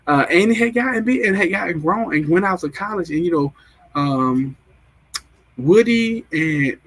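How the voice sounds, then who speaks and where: Husky-voiced man hosting a live chat. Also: a little high, expressive, slow pace, fairly bright tone, poor audio. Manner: emotional, chatty, greets viewers and reads their comments. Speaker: livestream host. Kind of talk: casual live-stream chat with viewers.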